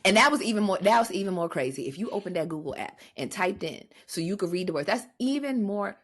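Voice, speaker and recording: A woman's voice: mid-range voice, animated, fast. A woman co-hosting a podcast in casual gossip chat, blunt and profane, hammering points with repetition. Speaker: podcast co-host.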